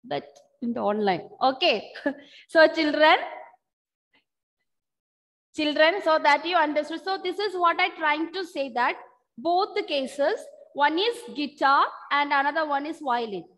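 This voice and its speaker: A woman teacher giving an online science lesson, patiently repeating key terms slowly so students can take notes. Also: sits high, fairly bright tone, long reverb tail.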